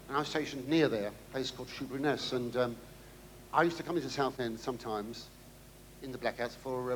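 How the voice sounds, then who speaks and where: A man's voice: mid-range voice, a bit bright, a little hiss or hum. Older man, rambling stand-up comic. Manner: rambling, stammering, wry asides. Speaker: comedian. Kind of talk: stand-up audience Q&A.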